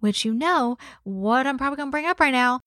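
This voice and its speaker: A woman co-hosting a true crime chat show, her voice slightly high and swinging widely in pitch. She swears freely and laughs often as she tells the story. The sound is close and dry. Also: animated, a little fast, fairly bright tone, dry recording. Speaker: podcast co-host.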